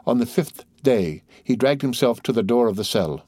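A man reading a novel aloud in a measured, even narration. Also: mid-range voice, dry recording, clean studio sound. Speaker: audiobook narrator. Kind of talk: scripted narration.

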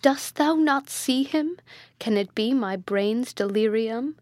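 A woman's voice: a little high, slow pace, a little mellow, dry recording, clean studio sound. Woman voicing a frantic guilt-stricken prince. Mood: terrified. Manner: exclaiming, frantic questions.

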